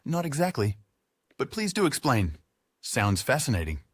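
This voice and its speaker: A man doing a pompous, prim young gentleman. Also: mid-range voice, wildly swooping pitch, moderate pace, husky, no room sound, studio quality, pitched above the performer's own voice. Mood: politely curious. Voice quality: pretentious, prim.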